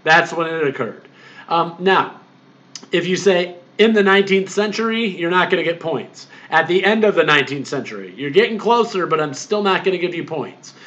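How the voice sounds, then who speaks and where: A man with a fairly high voice lectures on exam expectations as a history instructor. He explains plainly and with emphasis, repeats himself often, and fills gaps with "uh" and "um." The recording sounds muffled and lo-fi. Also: a bit bright.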